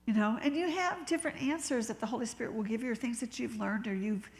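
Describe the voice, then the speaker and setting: A woman bishop preaching a sermon in a conversational, storytelling way, slowing down and dropping to a whisper when she acts out what people said. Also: fairly high pitch. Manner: laughs easily, talks slowly. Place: church sanctuary. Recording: long reverb of a church hall.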